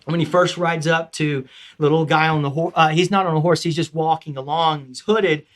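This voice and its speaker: A man with a Southern accent, a voice actor chatting as a guest in an animated, rambling way. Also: on the high side, brisk. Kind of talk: casual interview chat.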